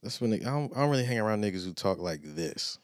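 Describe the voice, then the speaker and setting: A man co-hosting a casual podcast chat, relaxed, reading out definitions between jokes. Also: fairly low pitch, quick pace, no room sound, clean studio sound. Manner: reads definitions aloud, laid-back. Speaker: podcast co-host.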